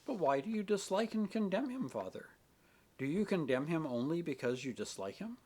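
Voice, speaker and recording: A man voicing an earnest, devout young woman pleading gently with her father in an audiobook. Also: fairly high pitch, very animated, normal speed, slightly rough, voice pushed up. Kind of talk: audiobook character reading.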